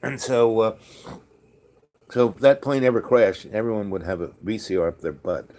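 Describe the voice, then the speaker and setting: A man with a fairly low voice tells a story in a casual way. He wanders off on tangents and restarts his sentences often. He keeps dropping in dry, jokey asides. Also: expressive, normal speed, a little mellow. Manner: rambling, full of fillers and restarts, jokey asides.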